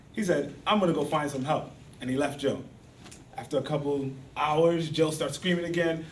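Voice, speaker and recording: A man delivers a storytelling speech at a speaking club and acts out the lines of the characters in his tale with real animation. His voice sits slightly high for a man. It is picked up from a distance, bouncing around a roomy hall with a faint murmur of the space behind him. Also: a little fast, slight background noise. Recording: echoey hall from far off.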